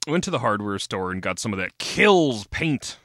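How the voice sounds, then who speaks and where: A man's voice: on the low side, very animated, normal speed, a bit bright, no echo, clean studio sound. A man co-hosting a podcast in casual chat, rambling and swearing as he searches for words. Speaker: podcast co-host.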